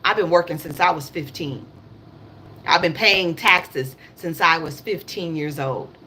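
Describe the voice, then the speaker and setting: A woman in her thirties hosts a casual political livestream in African American English, ranting bluntly, swearing, and repeating her points. Her voice is low, unhurried, pushed and bright, with a little hiss or hum in the background.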